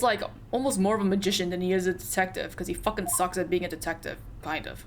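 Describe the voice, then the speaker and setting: A woman's voice: fairly low pitch, fairly even intonation, slight background noise. Chatty, swearing young woman gamer. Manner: swearing, rambling, quick laughs. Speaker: let's play streamer. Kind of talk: casual game commentary.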